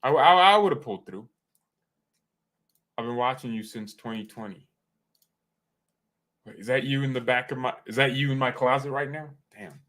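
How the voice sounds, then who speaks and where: A man hosting a fan live stream, rambling and joking with chat, swinging from calm talk to loud excited outbursts. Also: medium pitch, a little slow, long pauses.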